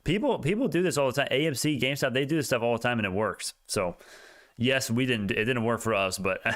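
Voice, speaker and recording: A young man hosting a casual stock market livestream, talking in an excitable, rambling way with many restarts. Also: mid-range voice, fairly quick.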